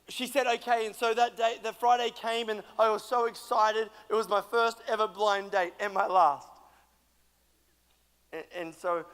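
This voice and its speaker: High-voiced man preaching in a hall. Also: fairly bright tone, clear, resonant tone. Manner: playful, laughing, acts out quoted voices. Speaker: guest speaker. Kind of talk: youth sermon with storytelling. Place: large church hall. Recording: echoey hall with long reverb.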